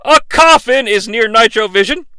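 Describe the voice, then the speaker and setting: Bright-voiced, sarcastic man. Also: extremely high pitch, lively intonation, normal speed, clean tone, no echo. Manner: sarcastic, swearing, jokey asides. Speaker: podcast host recapping a wrestling show. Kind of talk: casual comedic recap.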